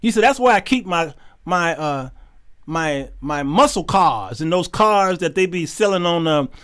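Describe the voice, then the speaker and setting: A man hosting his show, telling a comic story, animated and laughing often as he acts out the people in it. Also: fairly high pitch, unhurried, clear, resonant tone. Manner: animated, laughing often, acting out quoted voices. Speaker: show host.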